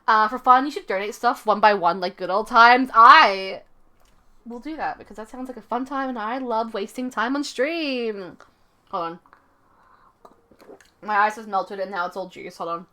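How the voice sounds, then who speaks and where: A woman's voice: medium pitch, normal speed, long pauses, pushed and bright. A young woman streaming a game, chatting casually in a rambling way with lots of fillers. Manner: rambling, many fillers and restarts. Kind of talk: casual live-stream chat.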